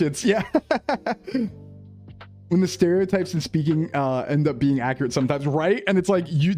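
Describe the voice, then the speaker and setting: A man's voice: medium pitch, darkish tone. A man streaming, chatting casually with his viewers and laughing often. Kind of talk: casual chat reading chat.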